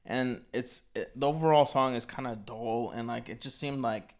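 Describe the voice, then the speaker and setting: A man's voice: mid-range voice, normal speed. Rambling young man, filler-heavy chat. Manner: rambling, filler-heavy, says "like" and "you know" constantly. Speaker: album review podcast co-host. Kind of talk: casual chat.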